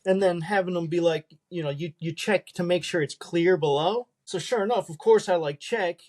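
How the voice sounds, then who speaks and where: Young male guest, fairly high voice, loose and rambling delivery. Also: normal speed, darkish tone. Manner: rambling, many fillers and restarts. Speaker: podcast guest. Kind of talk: casual chat.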